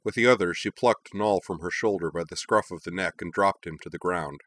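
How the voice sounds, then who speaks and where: A man narrating a story in a lively, expressive reading. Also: low voice, a little fast, dry recording.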